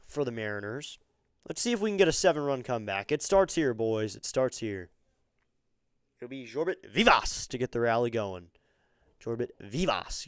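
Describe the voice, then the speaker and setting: A man giving excitable live fan play-by-play of a baseball game on his stream, chatting with viewers between pitches. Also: clear, resonant tone, dry recording, studio quality. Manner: chatty, excitable on big plays.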